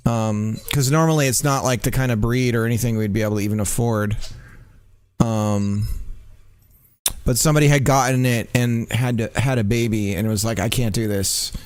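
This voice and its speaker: A man's voice: medium pitch, normal speed, clear, resonant tone. A man streaming from home who chats casually with his viewers in an easygoing, rambling way, full of ums and restarts.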